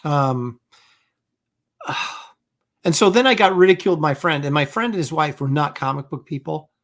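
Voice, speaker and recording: Slightly high and a bit bright, this middle-aged man's voice is expressive and moves at a normal speed. As host of a live comic art stream, he talks casually, rambles, pokes fun at himself, and keeps restarting amid lots of fillers.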